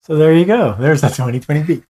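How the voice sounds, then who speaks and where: A man's voice: fairly high pitch, animated, quick pace, mellow, slightly rough. A man chatting casually with a co-host, playful and laughing often, sometimes imitating sounds. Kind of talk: casual chat.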